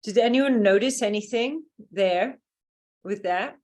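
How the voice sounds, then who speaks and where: Speaking at a measured pace, a British-accented woman from England teaches a group workshop, explaining in a rambling way with lots of fillers. Her voice has a medium pitch and a darkish tone.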